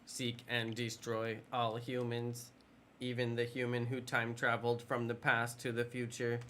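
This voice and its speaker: A man voicing a menacing robot that hunts humans, speaking slowly and mechanically. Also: medium pitch, completely flat delivery, pushed and bright, slight background noise.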